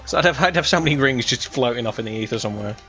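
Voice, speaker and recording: A man's voice: mid-range voice, animated, very fast, music in the background. A young man from England with a West Midlands accent, chatting casually while playing a game, rambling with lots of fillers and restarts. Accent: West Midlands English. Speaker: gaming streamer. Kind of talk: casual gameplay chat.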